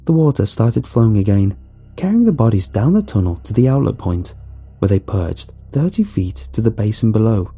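Male horror narrator, very dark tone, animated delivery. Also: fairly low pitch, moderate pace, husky, faint music behind. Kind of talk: first-person horror story narration.

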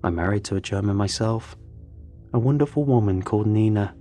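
A man tells a first-person story in a calm, scripted narration. His voice sits low and sounds warm and dark. Faint music plays quietly behind him. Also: fairly quick.

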